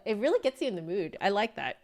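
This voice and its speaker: A woman's voice: medium pitch, sing-song, quick pace, a little mellow. A young woman, a flute teacher, casually reviewing a book and reading passages aloud with gushing enthusiasm.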